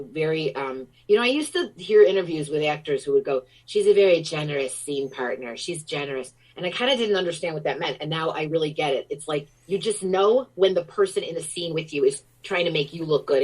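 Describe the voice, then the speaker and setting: In a casual interview chat, a middle-aged American woman with a very low voice shares story after story with warm, gushing enthusiasm. The recording sounds rough.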